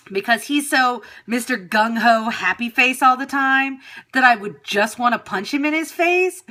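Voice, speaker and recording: Woman, phone livestream host at home; bright, fairly high voice, frank and foul-mouthed, pokes fun at herself. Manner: candid, profane, self-mocking. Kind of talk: casual chat.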